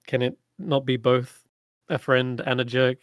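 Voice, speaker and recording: A man narrating as dungeon master in a tabletop game, halting and self-correcting, laughing often. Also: medium pitch, level tone, no echo, studio quality.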